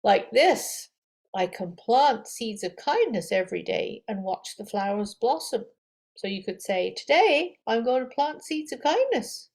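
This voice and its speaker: A woman yoga teacher gently leading affirmations and breathing for a guided meditation. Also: on the high side, big pitch swings, slightly rough. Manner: gentle, slow, encouraging, with audible breaths.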